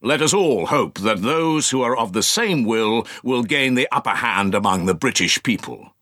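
Man voicing a 1930s dictator, emphatic speech, declaiming, husky, wide pitch swings. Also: animated, moderate pace, pushed and bright. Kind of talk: audiobook reading.

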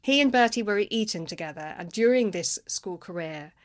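A woman's voice: mid-range voice, expressive, fairly quick. A woman talking casually and enthusiastically about comic novels in a book discussion.

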